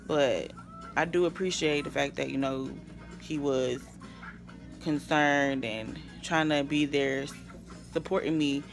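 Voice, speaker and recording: Brief: tired young woman, gravelly fry, rambling vlog update, faint music underneath. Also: deep voice, slow. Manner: tired, rambling, with sighs and yawns. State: exhausted from no sleep. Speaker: vlogger.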